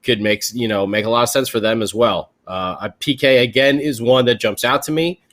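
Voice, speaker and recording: A man's voice: mid-range voice, fairly quick, fairly bright tone. Man rambling through casual hockey chat. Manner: rambling, many fillers and restarts. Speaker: podcast host.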